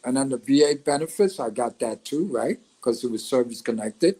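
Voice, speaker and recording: A middle-aged man as a guest, telling a story in a blunt, animated way with swearing. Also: mid-range voice, normal speed, husky, low-quality recording. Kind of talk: casual storytelling.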